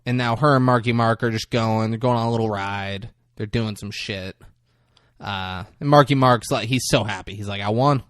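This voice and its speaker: A man's voice: on the low side, a bit bright, no room sound, studio quality. Chatty man recapping a movie. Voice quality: laughs often, acts out lines in quick voices. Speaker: podcast co-host recapping a movie. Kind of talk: casual chat.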